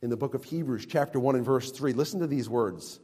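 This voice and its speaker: A pastor preaching a sermon, slow and emphatic, with his voice rising and falling for emphasis. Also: mid-range voice, warm tone, husky, in a large hall.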